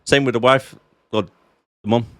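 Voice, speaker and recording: A man's voice: mid-range voice, fairly even intonation, normal speed, a bit bright, no echo. A man co-hosting a movie podcast, chatting casually with wry asides. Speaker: podcast co-host. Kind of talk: casual movie-roast chat.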